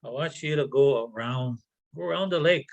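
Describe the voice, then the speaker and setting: A man voicing a generous, protective male spirit hero, talking earnestly with halting repeats. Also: medium pitch, creaky, close to an everyday voice, low-quality recording. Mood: warning.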